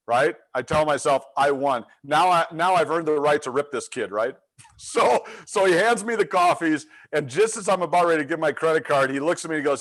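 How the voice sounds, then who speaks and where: A man's voice: on the high side, brisk. A middle-aged man, a leadership coach, telling a story with energy in a webinar and acting out the voices in it. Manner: animated storyteller, acts out quotes.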